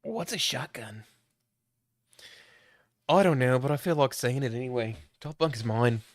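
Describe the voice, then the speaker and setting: A man's voice: medium pitch, expressive, normal speed, no echo. Young man streaming a game, dry sound. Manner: joking, swears, chats with viewers. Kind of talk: live game playthrough, reading aloud.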